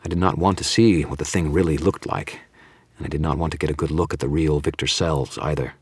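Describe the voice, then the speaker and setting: A man narrates a gritty first-person story in a measured, dramatic manner. His voice is very deep with a husky grain. The recording is close and dry, with no room sound. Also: steady tone, darkish tone, dry recording. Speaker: audiobook narrator. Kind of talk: scripted narration.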